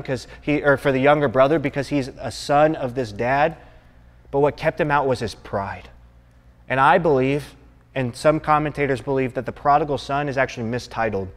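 A young man teaching a sermon to college students in a conversational way, often checking in with his listeners. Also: medium pitch. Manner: conversational, asks the room for agreement. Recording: long reverb in a hall.

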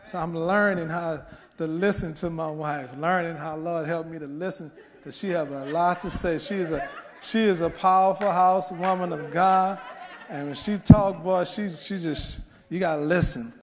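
A man's voice: fairly high pitch, steady tone, normal speed. Middle-aged man preaching in a reverberant hall. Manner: preaching with rising fervor and rhetorical questions. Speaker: pastor. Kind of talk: sermon.

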